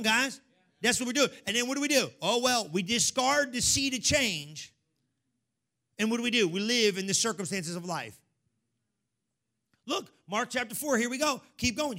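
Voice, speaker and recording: A man preaches to his church with a high, ringing voice. He calls out to the congregation and drops to a hush before rising back into loud, sing-song exhortation. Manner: call-and-response preaching, swings from hushed to shouting. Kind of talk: energetic sermon.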